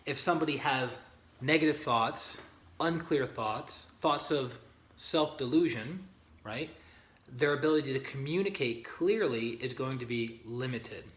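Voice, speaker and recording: In a space with a roomy echo, a man with a medium-pitched, fairly bright voice teaches an online group informally as a spiritual teacher. He reads book passages, welcomes viewers by name, and checks in with them frequently.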